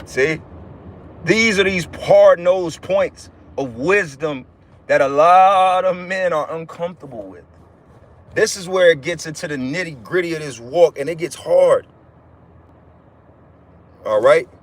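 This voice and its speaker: A man's voice: on the high side, measured pace, long pauses. Blunt, profane man preaching from a car. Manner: blunt, profane, repetitive restarts. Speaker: livestream host giving religious teaching. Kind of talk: casual preaching livestream. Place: inside a car.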